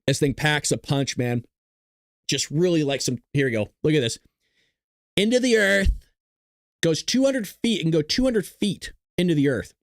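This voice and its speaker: Excitable male political livestream host. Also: on the high side, moderate pace, no echo, studio quality. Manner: excitable, joking and combative, talking straight to chat. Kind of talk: live-streamed political commentary.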